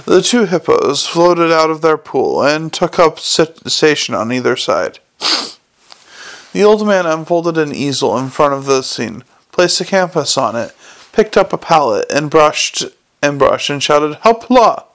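A man reads a storybook aloud in a measured way. He sometimes slips and corrects himself, and his voice sits slightly high for a man. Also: lively intonation, a bit bright. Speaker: audiobook reader. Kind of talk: storybook narration.

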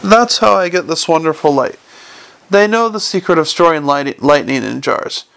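An excitable, long-winded inventor gushes about his machine, as a man puts him on in a raised, slightly gravelly voice. He lectures at length and stumbles over his own words. The sound is dry and close, like an audiobook booth. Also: on the high side, normal speed, no room sound. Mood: eager. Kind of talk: audiobook character voice.

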